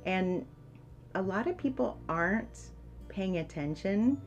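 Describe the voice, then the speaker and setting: A woman's voice: mid-range voice, expressive, takes it slowly, highs cut off, faint music behind. A woman co-hosting a podcast in casual chat, earnest, talking in stops and restarts. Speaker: podcast co-host.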